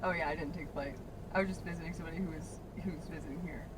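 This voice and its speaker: A woman riding as a passenger, soft-spoken and laid-back, giggling often in casual chat. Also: low voice, fairly even intonation, very fast. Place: back of a car at night. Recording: distant in car with road noise.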